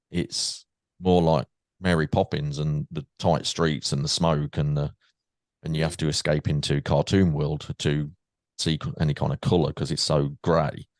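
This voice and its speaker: An English man hosting a relaxed podcast, his voice extremely deep with a gravelly fry. He rambles chattily from one tangent to the next, heard close-up in a dry room. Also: no echo. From England. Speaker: podcast host. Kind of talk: casual chat.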